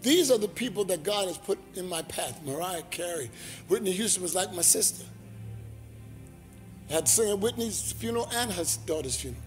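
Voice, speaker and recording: A male pastor preaching a sermon, telling lively stories and acting out voices. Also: high-pitched, brisk, faint music behind. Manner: animated, acts out voices in his stories. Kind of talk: sermon storytelling.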